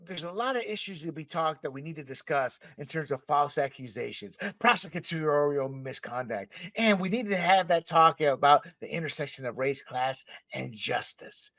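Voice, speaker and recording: A man from Panama, the host of a podcast, delivers opinionated commentary in a fairly high, insistent voice. He is emphatic and impassioned, swinging between loud and soft. The recording sounds dull and dry. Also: expressive, moderate pace, hardly any pauses, dry recording.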